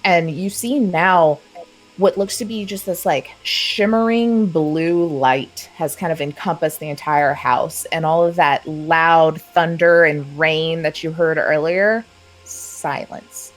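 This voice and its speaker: A woman's voice: low voice, steady tone, takes it slowly, soft background music, low-quality recording. A young woman narrating as game master in a casual, chatty way.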